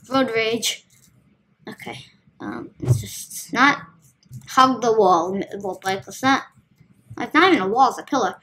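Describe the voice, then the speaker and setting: Female gamer host, casual running commentary, playful and chatty, slightly high voice. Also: lively intonation, slow pace, pauses often, a bit bright. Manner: chatty, playful, talks to herself while playing. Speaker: gaming video host.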